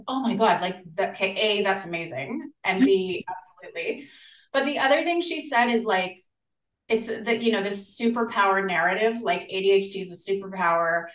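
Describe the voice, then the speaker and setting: An Australian woman chatting as a podcast guest, animated and acting out the voices of people she quotes. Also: medium pitch, normal speed. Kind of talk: casual interview chat. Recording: roomy, distant from the mic.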